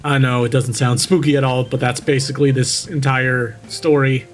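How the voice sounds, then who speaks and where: A man's voice: medium pitch, little pitch movement, normal speed, soft background music. A man reading a creepypasta aloud and breaking off to mock it with sarcastic commentary, close to the mic. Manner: sarcastic, interrupts the story to make fun of it.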